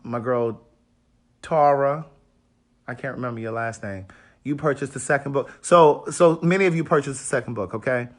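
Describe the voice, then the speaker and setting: A raspy-voiced man from Maryland, an author hosting a casual livestream from a hotel room and greeting viewers by name. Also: medium pitch, fairly bright tone.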